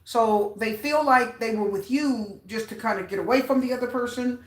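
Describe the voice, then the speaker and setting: A woman's voice: a little high, normal speed. A woman doing a casual tarot reading for her viewers, chatty and repetitive, often asking them questions. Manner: chatty, repeats herself, asks viewers questions. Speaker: tarot reader. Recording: roomy echo.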